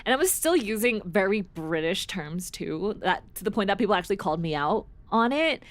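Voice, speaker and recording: A woman's voice: mid-range voice, sing-song, fairly quick, dry recording. A young woman with an American accent, chatting casually as a streamer in a rambling, giggly way on a desk microphone at home. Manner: chatty and rambling, restarts sentences, giggles often.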